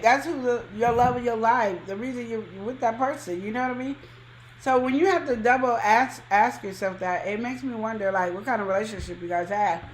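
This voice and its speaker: A woman's voice: mid-range voice, reverberant, a little hiss or hum, rough recording. A woman co-hosting a podcast, giving emphatic, colloquial relationship advice in casual chat. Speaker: podcast co-host.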